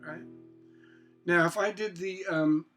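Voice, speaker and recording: Playing guitar, a man gives a songwriting lesson in a high, steady voice, speaking slowly and haltingly with frequent restarts and rhetorical questions. He sings short "na na" phrases to demonstrate chords, and loud acoustic guitar sits under his voice.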